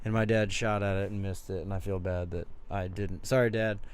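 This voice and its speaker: A man's voice: deep voice, fairly even intonation, fairly quick, clean tone. A young man co-hosting a casual podcast, telling rambling, profane stories. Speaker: podcast co-host. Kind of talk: casual chat.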